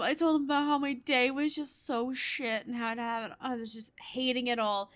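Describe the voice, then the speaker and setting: A woman's voice: on the high side, fairly even intonation, moderate pace, hardly any pauses, a bit bright. A woman chatting casually while playing a game, telling stories in a rambling way and laughing often. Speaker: gamer. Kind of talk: casual gameplay commentary.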